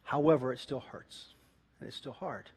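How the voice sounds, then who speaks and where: A man pastor preaching an animated sermon, telling a story and laughing often. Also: medium pitch, normal speed, husky. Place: church.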